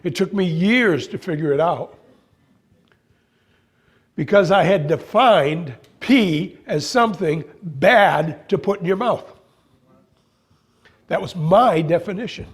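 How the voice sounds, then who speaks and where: Playful high-voiced man giving a talk. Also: husky. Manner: anecdotal, playful, with pauses and restarts. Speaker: speaker. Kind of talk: motivational spiritual talk.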